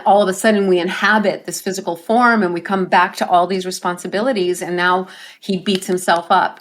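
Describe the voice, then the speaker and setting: A woman life coach, a guest on an interview show, telling stories earnestly and often ending her points with a tag question. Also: fairly low pitch. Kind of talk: conversational interview storytelling.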